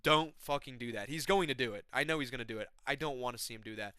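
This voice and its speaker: Bright, excitable, swearing fight fan. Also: male voice, medium pitch, quick pace, clean tone, no echo. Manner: excitable, profane, slangy fan talk. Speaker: MMA channel host. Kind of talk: casual fight-prediction rant.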